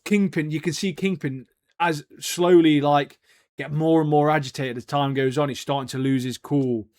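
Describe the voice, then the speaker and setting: A young man co-hosting a podcast, talking in excitable, slangy casual chat and saying "mate" a lot. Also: a little high, normal speed, no room sound. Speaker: podcast co-host.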